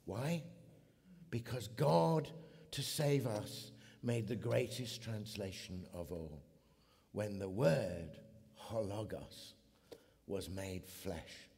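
A middle-aged man from England giving an animated sermon as a guest preacher, building to emphatic peaks. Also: on the low side, slow pace, vocal fry, husky. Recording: long hall reverb.

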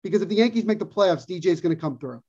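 In rapid-fire bursts, a man with a high, expressive, slightly mellow voice rants about sports as a podcast co-host. He repeats himself to stress his opinions, keeping it casual, over dull lo-fi audio.

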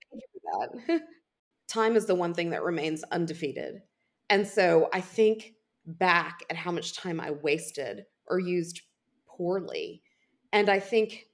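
A middle-aged woman, a podcast guest, speaking candidly and reflectively. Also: on the low side. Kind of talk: casual podcast interview.

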